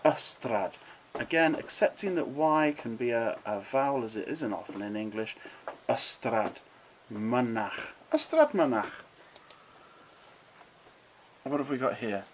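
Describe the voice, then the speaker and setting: A middle-aged man hosting a casual lesson, chatty and encouraging, who slows right down to sound out words with care. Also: mid-range voice, slight background noise, low-quality recording. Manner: chatty, encouraging, drawn-out careful pronunciations. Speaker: model railway channel host. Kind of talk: casual explainer to camera.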